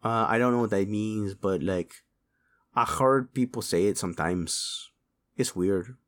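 A man's voice: on the low side, unhurried, fairly bright tone. A man voicing a small, hungry male chupacabra who is cheeky and boastful, slipping Spanish words into his English. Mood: rambling. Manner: mixes Spanish words into English, whiny and pushy. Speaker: voice performer.

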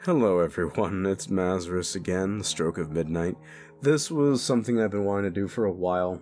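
A man's voice: deep voice, brisk, a little mellow, soft background music. A man and father, a content creator, talking casually and candidly to his audience, joking about himself. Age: adult father. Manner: candid, self-deprecating, loose. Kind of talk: casual chat.

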